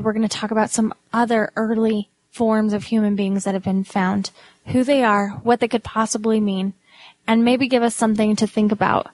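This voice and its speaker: A woman's voice: fairly high pitch, darkish tone, no echo. A woman hosting a podcast, reading a scripted narration in a reflective, wondering way. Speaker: podcast host.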